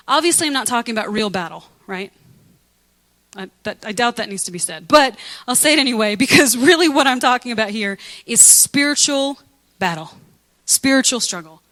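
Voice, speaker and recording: A woman pastor preaching a lively, conversational sermon, acting out biblical figures with humor. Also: mid-range voice, rough recording.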